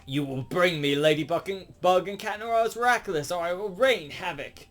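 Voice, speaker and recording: A man voicing a grandiose, frustrated male supervillain in a loud, strained, mocking tone. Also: sits high, moderate pace, pitched above the performer's own voice. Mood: gloating.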